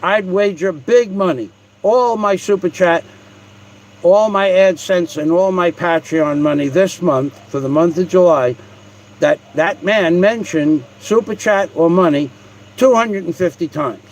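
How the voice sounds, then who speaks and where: A man's voice: high voice, a little slow, slight background noise, rough recording. A man hosting a livestream at home, talking in a mocking, profane, rambling way with restarts. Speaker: livestream host. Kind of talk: casual livestream rant.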